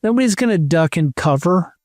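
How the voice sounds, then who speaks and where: A man's voice: fairly high pitch, lively intonation, brisk, darkish tone, no room sound, studio quality. A man co-hosting a casual podcast, joking around and reading out a list of supporter names with playful asides. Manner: jokey, reads name lists with playful asides. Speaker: podcast co-host.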